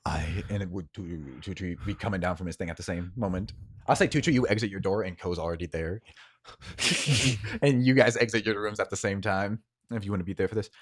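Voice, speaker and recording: A man's voice: deep voice, brisk, slightly rough. A man narrating a tabletop role-playing game as game master, describing scenes vividly with frequent fillers.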